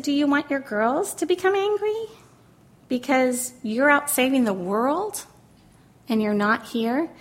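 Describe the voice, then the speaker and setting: A middle-aged woman sharing a personal testimony in a sermon, earnest and emotional, drawing words out slowly for emphasis. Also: medium pitch, fairly bright tone. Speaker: pastor's wife speaking to a congregation.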